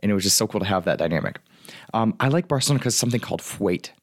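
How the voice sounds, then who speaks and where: A man's voice: on the low side, expressive, racing, no echo. A young man, a life coach, talking casually and rambling with lots of fillers from his apartment. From United States. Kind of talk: casual solo talk.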